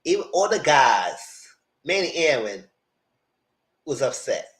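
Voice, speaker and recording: A man hosting a live discussion of a reality show, dramatic and sassy, swinging into high exclamations. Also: sing-song, slow, fairly bright tone, reverberant. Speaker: host.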